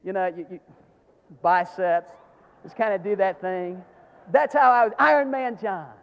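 A middle-aged man, preaching a sermon as a pastor, telling stories dramatically and swinging from hushed tones to shouts. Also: high voice, unhurried, clear, resonant tone, dull audio. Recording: long hall reverb.

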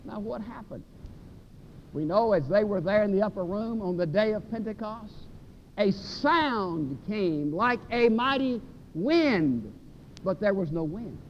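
A man's voice: lively intonation, a little slow. A man from preaching a sermon, emphatic, drawing out key words and repeating phrases for effect. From Mississippi, USA. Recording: dull lo-fi recording with faint rumble.

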